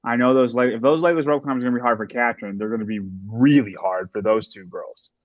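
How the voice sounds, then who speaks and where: A man's voice: medium pitch, fast, no room sound, lo-fi sound. A man hosting a podcast, talking through competition standings in a casual, analytical way. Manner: talkative, analytical. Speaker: podcast host.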